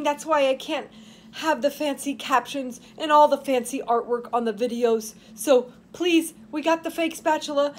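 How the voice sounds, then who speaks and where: A woman's voice: sits high, moderate pace, darkish tone. A woman in her fifties, a nurse and author, reading her novel aloud dramatically and chatting between chapters. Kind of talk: audiobook narration and podcast chat.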